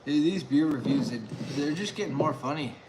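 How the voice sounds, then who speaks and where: A man chatting casually on a live stream at home, excitable and rambling, laughing often. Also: a little high, fairly quick, background noise. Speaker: beer review vlogger.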